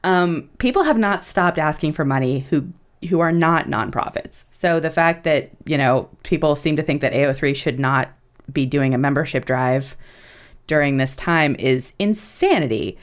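A young woman with a low-pitched voice hosts a casual podcast. She talks in a loose, chatty way, swears freely, and often laughs through her asides. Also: normal speed. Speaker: podcast co-host.

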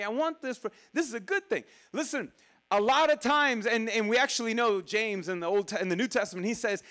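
A man with a notably high voice delivers a lively, conversational sermon. He moves between energetic lines and sudden quiet asides, talking straight to the congregation as their pastor.

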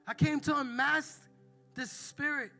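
A male preacher delivering an emphatic sermon, calling out questions to the congregation and building to loud passages. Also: very high-pitched, steady tone, a little slow, faint music behind.

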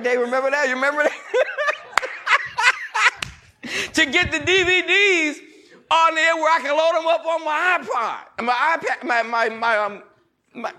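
This male pastor has a very high voice and preaches animatedly, moving from loud shouts to soft asides. He leads call-and-response with his congregation and shares stories amid laughter.

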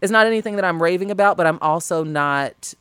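A woman's voice: fairly low pitch, quick pace, fairly bright tone, smooth, dry recording, clean studio sound. Chatty opinionated woman from Chicago. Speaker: podcast co-host. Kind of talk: casual chat.

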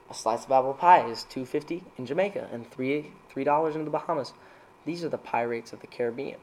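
A man casually reading dad jokes aloud as a streamer, laughing at his own punchlines and jumping into higher voices for them. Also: moderate pace, pauses often, a little mellow, a little hiss or hum.

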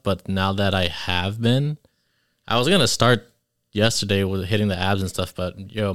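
Man, low smooth voice, dry close sound, hesitant casual talk. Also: a bit bright, no room sound. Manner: easygoing, hesitant, lots of fillers. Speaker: podcast co-host. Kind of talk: casual podcast chat.

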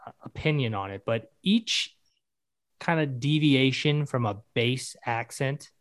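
A man's voice: medium pitch, a little slow, fairly bright tone, no room sound. A man from the American South chatting casually on a podcast, rambling and correcting himself as he speculates.

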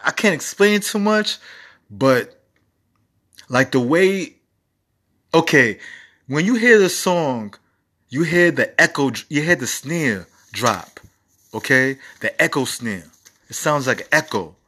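A man's voice: on the high side, lively intonation, slow pace, long pauses, bright, forceful tone. A man in his forties hosting a casual music review show, rambling and profane with enthusiastic asides. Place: home recording setup.

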